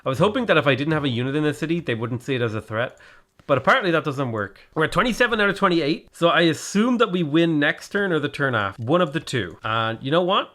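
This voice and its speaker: A man talking through his strategy game in a loose, rambling way, full of exasperation and self-mockery. His voice sits somewhat high for a man and leaps around a great deal, rising sharply whenever something goes wrong. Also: lively intonation, fast talker, a bit bright. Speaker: gaming video creator. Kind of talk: casual gameplay commentary.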